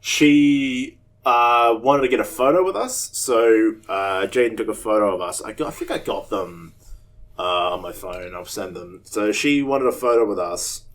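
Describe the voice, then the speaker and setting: This podcast co-host, a young Australian man with a lowish voice, speaks a little slowly while spinning a rambling story full of profanity. His quoted voices come out loud and animated.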